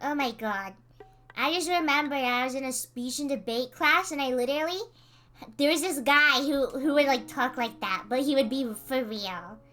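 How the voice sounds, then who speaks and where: A young woman streaming live, talking to her chat with a high, bright voice. She is animated and exasperated and often bursts out laughing. Faint music plays behind her. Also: moderate pace.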